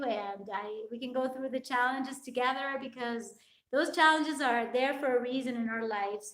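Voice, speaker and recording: A high-pitched woman hosts a casual live stream as a fitness coach. She talks in a chatty, effusive way and keeps thanking the people watching. Her voice bounces around an echoey room. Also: fairly bright tone. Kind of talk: live-stream chat with viewers.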